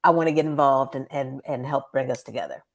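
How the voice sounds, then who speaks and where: A woman's voice: a bass voice, fast. A woman hosting an interview, encouraging her guest with frequent short affirmations. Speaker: host. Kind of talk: conversational interview.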